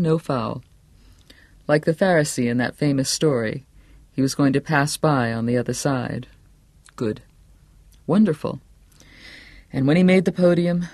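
A man reading a novel aloud in steady, scripted narration, dropping to a quieter voice for the hero's thoughts. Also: medium pitch, dry recording. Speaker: audiobook narrator.

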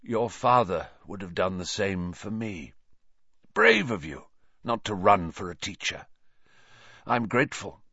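A man reading aloud, voicing a gaunt, menacing escaped prisoner with a hoarse, low voice. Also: big pitch swings, unhurried, long pauses, bright, forceful tone, no room sound, highs cut off, heavily acted.

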